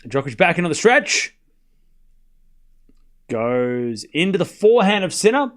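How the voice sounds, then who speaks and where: A man streaming a tennis watchalong, calling every shot in rapid play-by-play and bantering teasingly with his chat. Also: fairly high pitch. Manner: rapid rally calling, bursts into excited shouting on big points. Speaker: live tennis watchalong commentator. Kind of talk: live stream play-by-play commentary.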